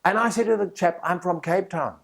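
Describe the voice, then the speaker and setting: A man's voice: high-pitched, brisk, vocal fry. A man with a South African accent, a motivational speaker teaching a speaking course and telling personal stories in a direct, confiding way. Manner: animated storytelling, direct and confiding.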